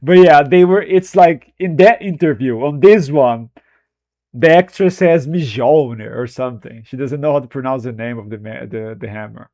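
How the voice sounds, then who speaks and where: A man's voice: medium pitch, moderate pace, mellow, dry recording. A man chatting casually on a live stream while editing video, rambling and self-deprecating, often breaking into laughter.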